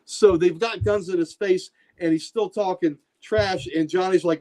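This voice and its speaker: A man's voice: sits high, steady tone, moderate pace, darkish tone. A middle-aged man hosting a podcast, retelling comic book scenes in casual, enthusiastic chat. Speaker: podcast host.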